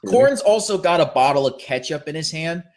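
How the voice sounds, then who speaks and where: A young man excitedly retelling a story in casual chat, acting out the quotes as he goes. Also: fairly high pitch, brisk.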